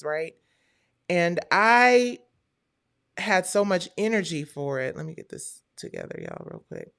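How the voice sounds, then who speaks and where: Lady live-streaming, creaky voice, just chatting w her viewers, casual and talky. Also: on the low side, wildly swooping pitch, a little slow, fairly bright tone. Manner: chatty, talks straight to viewers as "y'all".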